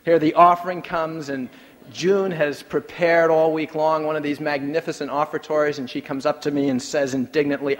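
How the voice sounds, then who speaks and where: Pastor guy preaching, jokey storyteller, kinda high voice, long church echo. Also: normal speed. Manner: animated storytelling with humor, swinging between soft and emphatic. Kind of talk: sermon.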